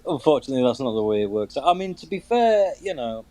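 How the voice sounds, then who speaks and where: A British man chatting casually, making measured, thoughtful remarks. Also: mid-range voice, sing-song, a little mellow. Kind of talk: casual chat.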